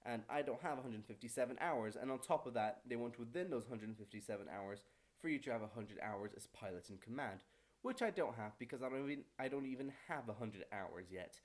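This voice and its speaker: A young man talks straight to camera in a casual ranting vlog, at an ordinary middle pitch. He is chatty and fast, restarts his sentences, and swings between louder bursts and quieter asides. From born in Morocco, raised in Brazil and Paris. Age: young adult. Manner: chatty and quick, self-correcting, lively swings in loudness. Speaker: vlogger and student pilot.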